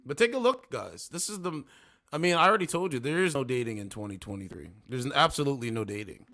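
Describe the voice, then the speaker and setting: A man's voice: medium pitch, animated, fast talker, pushed and bright. Incredulous man hosting a livestream. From Canada. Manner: incredulous, mocking, talks to chat. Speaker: livestream host. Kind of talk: casual commentary.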